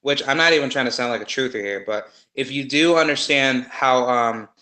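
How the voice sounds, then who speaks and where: A man in casual conversation, rambling and animated with many fillers and restarts. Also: mid-range voice, brisk, echoey room, poor audio. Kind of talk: casual conspiracy chat.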